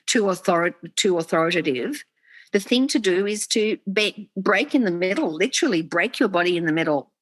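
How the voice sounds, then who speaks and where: A woman's voice: lowish voice, no echo, poor audio. Woman coaching on a video call. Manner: animated, acts out quoted inner voices. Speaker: guest, executive coach. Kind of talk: interview talk, explaining.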